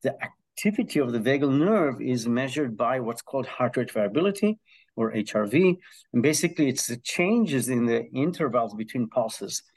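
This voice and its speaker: Gravelly-voiced man, an enthusiastic professor. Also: medium pitch, lively intonation, normal speed, darkish tone. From Israel. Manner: enthusiastic, uses analogies, frequent hesitations. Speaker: guest, health psychology professor. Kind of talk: conversational explanation.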